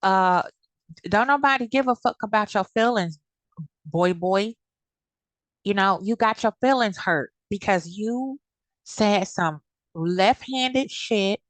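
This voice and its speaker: A woman's voice: medium pitch, a little slow, pauses often, fairly bright tone, dry recording. A woman giving blunt, heated commentary in a casual vlog, cursing freely. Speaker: commentary vlogger.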